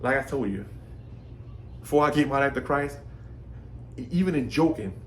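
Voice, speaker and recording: Brooklyn-raised guy doing a folksy faith talk, pitch jumps all over, repeats himself a lot. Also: moderate pace, a little hiss or hum. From Brooklyn, New York. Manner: animated, folksy, repeats words while thinking. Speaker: faith vlogger.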